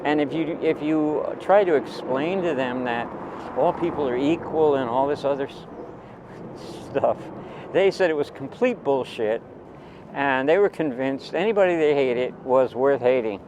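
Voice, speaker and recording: A man's voice: medium pitch, a little slow, noisy background. A man in his seventies telling a personal story in a rambling, digressive way, with asides to the listener.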